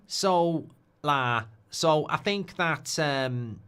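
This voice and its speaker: A man hosting a live football watchalong stream speaks in a lively, mid-range voice that swings up and down a lot, at a moderate pace. Chatty and opinionated, he reacts to viewer messages, sprinkles in tag questions like "haven't they?", and slides into heated rants when making a point.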